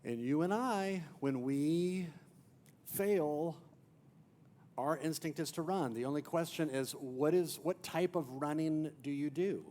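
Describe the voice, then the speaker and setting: A man pastor preaching a sermon as an emphatic storyteller, swinging from loud to near-hushed. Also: fairly high pitch, takes it slowly. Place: church.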